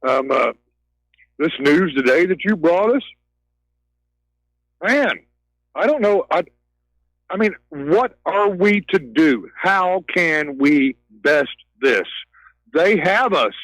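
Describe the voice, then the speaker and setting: Agitated ranting man, high voice. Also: animated, takes it slowly, pauses often, a bit bright, no echo, rough recording. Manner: agitated, ranting, repeats words. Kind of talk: heated talk radio call.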